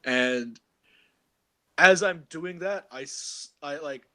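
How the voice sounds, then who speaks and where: A man with a higher-leaning, bright, forceful voice speaks slowly as a player in a casual tabletop role-playing game. He rambles and laughs while describing his character's clumsy actions.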